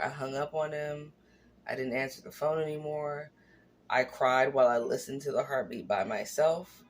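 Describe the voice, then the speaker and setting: A woman's voice: very deep voice, normal speed. A woman in her forties tells a personal story straight to camera, blunt and unfiltered. She swears freely and slips into little impressions of the people involved. A faint background hiss runs under her voice. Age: 40s. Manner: candid, blunt, profane, animated, acts out quotes. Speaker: vlogger. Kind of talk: candid storytelling vlog.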